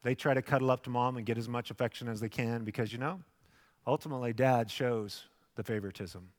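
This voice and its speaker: A man in his fifties preaching a sermon with acted asides, swinging from loud bursts to hushed, soft passages. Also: medium pitch, fast. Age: 50s. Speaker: pastor. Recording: long hall reverb.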